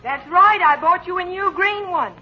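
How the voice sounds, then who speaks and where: A woman's voice: extremely high pitch, moderate pace. An actress playing a playful wife in a radio comedy who teases and coaxes her husband. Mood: sweet. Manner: playful, coaxing, light. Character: teasing young wife, playful and persistent. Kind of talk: 1940s radio comedy acting. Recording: dull old radio recording with faint hiss.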